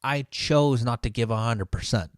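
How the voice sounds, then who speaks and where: A man's voice: medium pitch, moderate pace, no echo, clean studio sound. A man who works as a line cook tells a story in a casual, rambling monologue. He swears constantly, leans on "like" and "dude", and often restarts his sentences. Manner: profane and heated, heavy on "like" and "dude".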